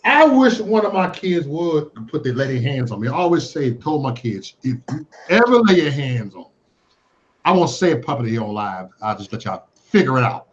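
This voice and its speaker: Animated man hosting a livestream panel. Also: mid-range voice, slightly rough, highs cut off. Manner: animated, exclaiming, drawn-out hollers. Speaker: livestream host. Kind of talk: casual livestream panel chat.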